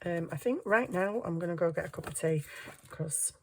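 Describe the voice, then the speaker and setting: A woman's voice: fairly low pitch, animated, moderate pace, darkish tone. A woman chatting casually while crafting at home, tired, ditzy and giggly, muttering to herself as she hunts round her desk. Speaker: craft vlogger.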